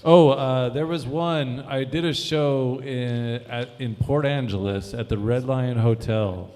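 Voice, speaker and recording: A man's voice: mid-range voice, takes it slowly, a little mellow. A comedian, a man, tells a stage story in a loose, playful way. He chats casually with other comics. His voice rings out in a reverberant hall. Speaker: comedian, discussion host. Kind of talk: casual group chat. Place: brewery event space. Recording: echoey hall with long reverb.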